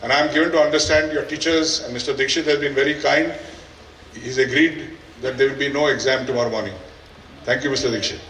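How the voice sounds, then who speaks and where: A man's voice: medium pitch, fairly even intonation, fairly quick, a bit bright, slight background noise. A man with an Indian English accent, head of a school, giving an earnest valedictory speech to students with dry humour. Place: large school event hall. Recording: echoey hall, voice from a distance.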